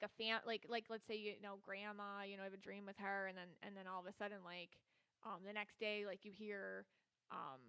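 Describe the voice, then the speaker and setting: A woman's voice: mid-range voice, fairly bright tone, clean tone, dry recording. A woman hosting a podcast as a psychic reader, talking casually in a chatty, rambling way with many filler words. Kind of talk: casual solo podcast talk.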